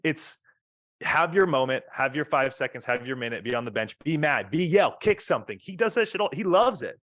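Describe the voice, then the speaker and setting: A man hosting a podcast in casual conversation, animated and swearing freely as he tells stories. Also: a little high, fairly quick, no room sound, clean studio sound. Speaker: podcast host.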